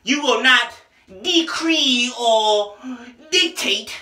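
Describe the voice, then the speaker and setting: Guy doing a loud preachy preacher voice, drags every word out, bright and sharp, roomy echo. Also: animated, extremely slow, recorded from a distance, heavily acted. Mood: booming. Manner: stretches and stresses single words, loud and high. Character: booming, preachy male preacher drawing out single words.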